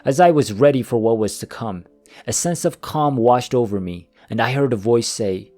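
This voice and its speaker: A man narrating a scripted first-person story in a calm, even manner. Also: medium pitch, moderate pace. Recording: faint music behind the voice.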